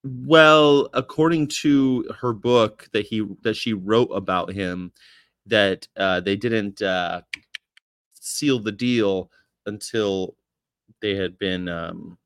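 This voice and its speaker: A man's voice: on the low side, slow pace, fairly bright tone, no echo. A man from the United States co-hosting a podcast over a video call, chatting casually in a blunt, profane, teasing way. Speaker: podcast co-host.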